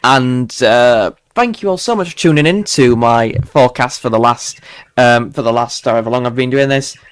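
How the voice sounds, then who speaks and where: A man's voice: medium pitch, normal speed, smooth, dry recording. Chatty man with a mild Yorkshire accent. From Yorkshire, England. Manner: rambling, chatty, many fillers and restarts. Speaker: weather channel host. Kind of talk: casual live-stream forecast chat.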